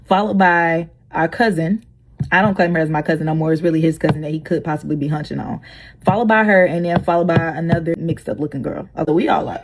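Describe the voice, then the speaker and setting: A young woman telling a story in casual chat, blunt and animated, acting out what people said. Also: on the low side, quick pace, a little hiss or hum. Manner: animated, blunt, acts out quotes.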